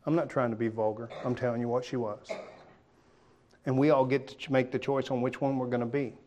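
A male preacher giving a sermon in a conversational, folksy way, often dropping to a quiet, emphatic tone. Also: mid-range voice, level tone, a little fast.

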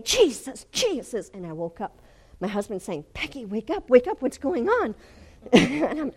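An older woman preaching a testimony sermon in a fervent way, rising to loud declarations. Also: medium pitch. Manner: fervent, rises to shouting when retelling.

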